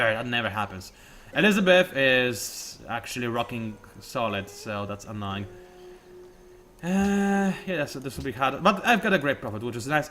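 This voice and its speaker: Speaking in a fairly high pitch, this Polish-born let's play commentator, whose first language is Polish, offers casual gameplay commentary. He's lively and bright, rambling and sarcastic, with a frequent "whatever."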